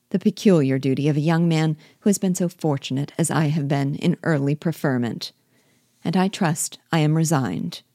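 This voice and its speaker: A woman voicing a pompous, long-winded young clergyman who speaks in a formal, measured, self-important way. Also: deep voice, mellow, dry recording, clean studio sound, natural voice.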